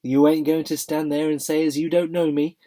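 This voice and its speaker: A man voicing a blunt, working-class London cab driver who talks plainly and loudly. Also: fairly high pitch, little pitch movement, a little fast, pitched above the performer's own voice, lightly acted. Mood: earnest. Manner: blunt, chatty, dropped grammar.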